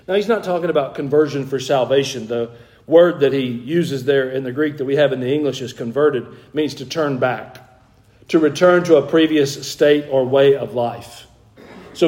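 Preaching a sermon with earnest emphasis, a man speaks at a moderate pace in a mid-range, darkish voice. He often restarts phrases and leans on key points with rising stress.

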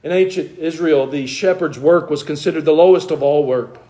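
Southern male pastor, slightly high voice, earnest sermon delivery with questions to the crowd. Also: moderate pace, mellow. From American South. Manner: earnest preaching, varied emphasis, asks the congregation questions. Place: church.

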